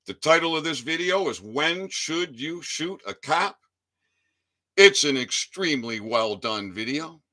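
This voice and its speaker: A man delivering an angry ranting monologue, swinging between shouting and low muttering, with heavy profanity. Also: animated, unhurried. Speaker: channel host.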